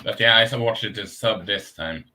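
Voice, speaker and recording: A man co-hosting an anime podcast, talking slowly and haltingly with lots of pauses and fillers. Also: fairly low pitch, bright, forceful tone. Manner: slow and halting, many uh fillers. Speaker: podcast co-host. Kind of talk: casual chat.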